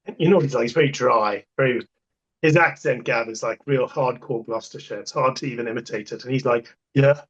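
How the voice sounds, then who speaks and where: A man's voice: medium pitch, fairly quick, a bit bright. A man, a podcast guest, telling stories in a casual, emphatic way and repeating himself for effect. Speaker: portable toilet supplier, podcast guest. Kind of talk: casual storytelling. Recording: dull lo-fi sound.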